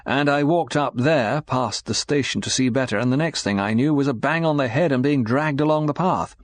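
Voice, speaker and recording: A man's voice: mid-range voice, moderate pace, no echo, voice pushed up, lightly acted. A man reading an audiobook, voicing a weary, battered British secret agent who speaks in a tired, understated way. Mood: dazed.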